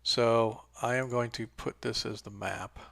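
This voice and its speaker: A man's voice: mid-range voice, steady tone, unhurried, creaky, a bit bright. A man acting as game master, chatting loosely and trailing off mid-sentence while he sets up maps for an online game. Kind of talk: casual pre-game chat.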